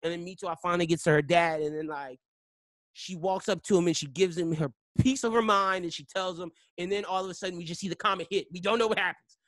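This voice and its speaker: A male podcast host in casual chat, retelling scenes in an animated way that swings between loud and soft. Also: high voice, fast, no echo.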